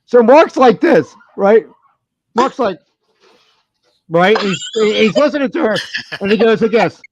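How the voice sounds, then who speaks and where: Brief: male podcast host, high animated voice, dry close mic, profane storyteller. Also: measured pace, slightly rough, dry recording, lo-fi sound. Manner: animated storyteller, swears a lot, laughs often. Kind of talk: casual banter.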